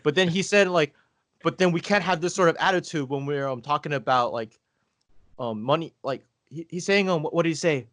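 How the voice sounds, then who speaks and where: A man from Taiwan, a guest on a podcast, telling stories in a hesitant, halting way with many fillers. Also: fairly high pitch, a bit bright, no room sound, clean studio sound. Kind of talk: casual conversation.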